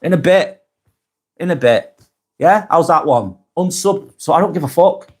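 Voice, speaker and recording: A man hosting a live vlog, reading comments aloud and answering them bluntly, often swearing, then softening to reassure. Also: on the high side, lively intonation, unhurried. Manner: blunt, sweary, swings between brusque and reassuring. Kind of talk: casual live vlog chat.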